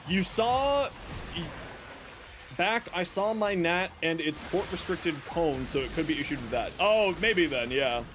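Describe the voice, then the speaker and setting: A man's voice: high voice, animated, unhurried, background noise. A male streamer chatting casually to his viewers while playing, rambling and joking at his own expense. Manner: rambling, self-mocking, talks to chat. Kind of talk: casual gaming livestream chatter.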